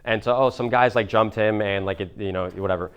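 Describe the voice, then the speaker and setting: Young guy rambling through a story fast, super clear voice, swears a lot. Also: on the low side, steady tone. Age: 20s. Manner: casual, rambling, profane. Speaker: motivational speaker. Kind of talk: live seminar storytelling.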